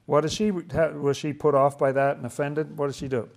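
A man's voice: fairly high pitch, level tone, moderate pace, creaky, a little mellow. Enthusiastic man leading a Bible study. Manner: enthusiastic, asks questions as he explains. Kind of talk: casual Bible study commentary.

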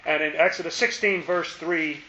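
A man's voice: fairly high pitch, fairly even intonation, moderate pace, bright, forceful tone, slight background noise. A man teaching a Bible study, asking questions and playfully dramatizing the scripture. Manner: asks questions, dramatizes the verses with playful exasperation. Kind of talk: interactive scripture lesson. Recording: echoey room, slightly dull sound.

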